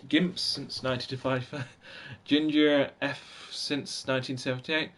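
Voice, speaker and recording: A man in his forties hosting a relaxed live stream from his home. He rambles along, reading snippets from old magazines aloud and answering his viewers as he goes, at a mid pitch. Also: a little slow. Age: 40s. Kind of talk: casual live-stream chat.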